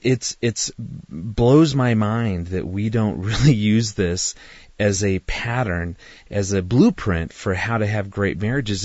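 Middle-aged man for a faith show guest spot, lower register, eager storyteller, dry slightly dull sound. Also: no echo. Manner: animated storyteller with frequent restarts and laughter. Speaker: guest, marriage ministry speaker. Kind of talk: faith talk show interview, personal storytelling. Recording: dry, slightly muffled studio recording.

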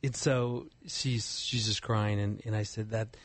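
A man's voice: on the low side, fairly even intonation, a little slow. A man telling a family story and talking about love on a talk show, often laughing as he speaks. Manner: laughs while telling stories. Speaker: guest author. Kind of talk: casual storytelling chat.

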